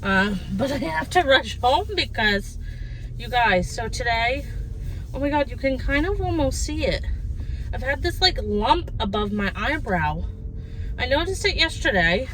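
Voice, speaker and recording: A woman's voice: high voice, animated, unhurried, fairly bright tone, a little hiss or hum. A young woman vlogging casually to a handheld camera, talking in a chatty, rambling way full of fillers. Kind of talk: casual vlog talk to camera. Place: kitchen and parked car.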